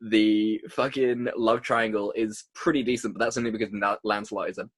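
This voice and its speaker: A man's voice: fairly low pitch, brisk, slightly rough, no room sound. Swearing, laughing young man chatting. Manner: excitable, swears often, laughs a lot. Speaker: podcast co-host. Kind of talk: casual chat.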